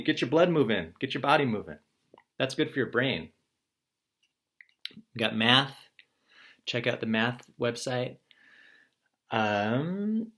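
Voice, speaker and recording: A man talks to his students in a recorded morning message. He is calm and encouraging, the way a teacher sounds when he walks a class through the day's work. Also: mid-range voice. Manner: relaxed, encouraging, explains step by step.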